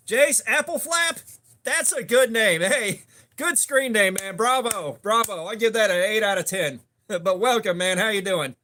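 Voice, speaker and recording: Man, very high voice, casual live stream host, relaxed chat. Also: unhurried. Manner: laid-back, greets chat viewers by name. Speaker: livestream host.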